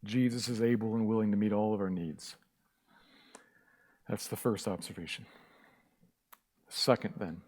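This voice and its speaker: Unhurried and pausing often, this pastor has a fairly low, darkish voice. He preaches with passion and emphasis in a church sanctuary, returning again and again to key phrases amid the hall's reverb.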